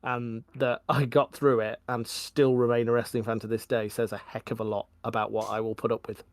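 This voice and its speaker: A man in his forties co-hosting a podcast, chatting casually in a measured, reflective way. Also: mid-range voice, flat delivery. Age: 40s. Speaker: podcast co-host. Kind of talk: casual chat.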